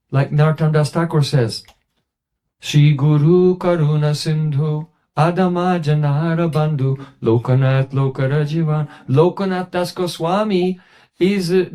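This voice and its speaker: A man gives a relaxed devotional talk, spinning a story at an easy pace. His voice is mellow and dark, sitting a touch above a typical male pitch, and he drops lower when quoting others. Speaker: spiritual teacher.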